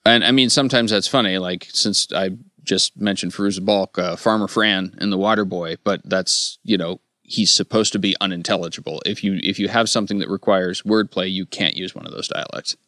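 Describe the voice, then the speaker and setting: A man's voice: sits low, fairly quick, hardly any pauses, dry recording, clean studio sound. A man co-hosting a casual comedy podcast, talking loosely about sketch writing and laughing often. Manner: relaxed, laughs often, slips into silly voices.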